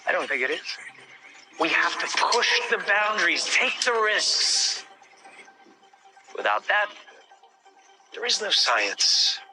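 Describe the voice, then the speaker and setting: An actor playing a driven, brooding male scientist in a film, speaking with quiet intensity. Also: sits high, big pitch swings, slow pace, pauses often, faint music behind, full character voice. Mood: intense. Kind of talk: film dialogue. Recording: noisy movie clip.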